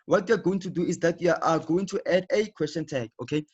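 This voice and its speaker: A man leads an online English lesson, talking in a slightly high voice. He explains slowly and patiently, circling back and tagging his points with "okay". The call audio is muffled and lo-fi. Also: animated, darkish tone, breathy edge. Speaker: teacher. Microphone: video call.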